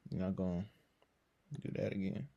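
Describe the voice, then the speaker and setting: A tired young man running casual commentary on his own trading, slangy and full of fillers, dropping to low mutters and then breaking into loud swearing. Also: level tone, moderate pace, creaky, dull audio. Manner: slangy, filler-heavy talk. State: tired from little sleep. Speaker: day trader streaming his session.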